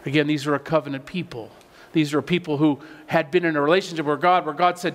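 High-voiced man preaching in a reverberant hall. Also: steady tone, fast talker. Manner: conversational, repeats words when emphasizing. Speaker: pastor. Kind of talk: sermon.

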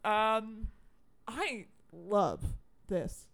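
A woman's voice: medium pitch, animated, very slow. A woman co-hosting a casual chat, retelling a movie scene by scene with quoted lines and laughter. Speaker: podcast co-host.

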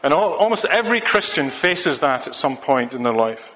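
A man's voice: on the high side, big pitch swings, moderate pace, pushed and bright. A man from Scotland preaching a sermon, earnest and urging, repeating phrases for emphasis. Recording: long hall reverb.

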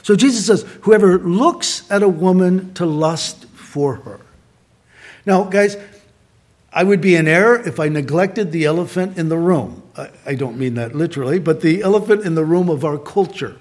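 A middle-aged man preaching a sermon as pastor, earnest and conversational, slowing down to stress key points. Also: on the high side, a little mellow.

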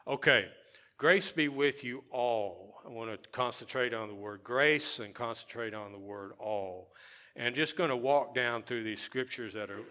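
Male pastor, lowish bright voice, talky sermon with repeats for emphasis. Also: smooth. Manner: conversational preaching with fillers and repeated emphasis.

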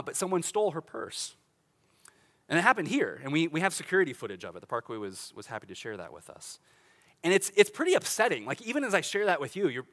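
A middle-aged man, a pastor, preaching a sermon in a church in a casual, animated way, with laughs and restarts. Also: medium pitch. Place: church sanctuary.

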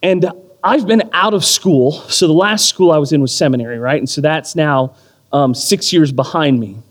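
A male pastor in his thirties delivers a sermon in a lively storytelling way, poking fun at himself as he goes. His voice sits a little high for a man. Long reverb trails off each phrase in the hall. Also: moderate pace. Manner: animated storytelling with self-deprecating humor. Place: church or community hall.

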